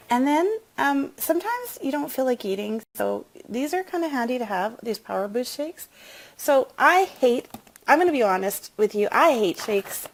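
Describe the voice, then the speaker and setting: Middle-aged woman, gravelly voice, personal story turning into an upbeat sales pitch. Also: big pitch swings, moderate pace. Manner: emotional, confiding, then upbeat and chatty. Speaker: wellness product promoter.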